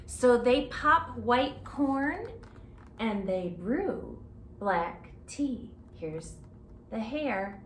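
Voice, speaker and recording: A woman's voice: a little high, very animated, very slow, reverberant, slight background noise. A woman librarian reading a picture book aloud at children's story time, stopping often to ask the children questions. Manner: interactive, asks children questions.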